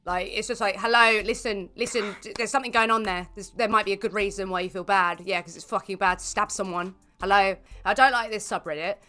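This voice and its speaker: A woman's voice: medium pitch, steady tone, brisk, few pauses, bright, forceful tone, soft background music. Exasperated, swearing woman. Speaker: guest YouTuber. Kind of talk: casual chat.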